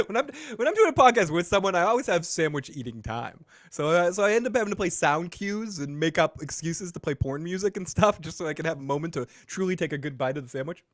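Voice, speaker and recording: A man's voice: on the high side, expressive, fast talker, hardly any pauses, fairly bright tone, dry recording, studio quality. A man hosting a podcast, casually recapping a TV episode with joking, sarcastic asides. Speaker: podcast host.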